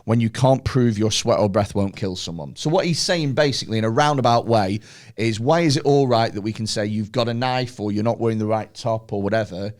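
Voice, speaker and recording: A man's voice: lowish voice, brisk. Male host, loose rambling storyteller, reads listener questions. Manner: rambling storyteller, many fillers, laughs easily. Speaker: podcast host. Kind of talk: casual podcast chat.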